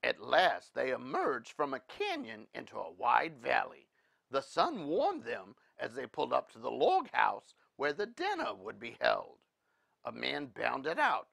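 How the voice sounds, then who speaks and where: A man reading a storybook aloud in an animated, expressive way. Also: medium pitch, unhurried, creaky, no room sound, studio quality.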